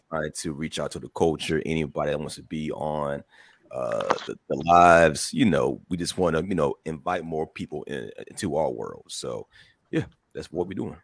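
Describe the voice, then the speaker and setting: A man co-hosting a podcast in casual chat, speaking in a calm, smooth monotone. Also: extremely low pitch, no room sound, studio quality. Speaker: podcast co-host.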